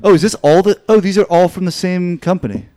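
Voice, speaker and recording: A man's voice: high voice, fast talker, dark tone, no echo. A young man co-hosting a podcast, chatting loosely with lots of swearing and filler words. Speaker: podcast co-host. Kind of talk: casual chat.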